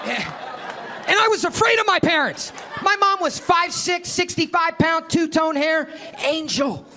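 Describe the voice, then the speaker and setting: This male comedian's voice is extremely high and animated, though his pace stays measured as he delivers a crude, brash set and plays off the crowd. Laughter and room noise from the club audience fill the live recording.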